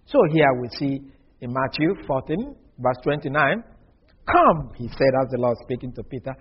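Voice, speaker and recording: A man preaching a sermon in an animated way, acting out dialogue and dropping from loud bursts to very soft asides. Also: medium pitch, fairly quick, slightly rough, lo-fi sound. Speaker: pastor.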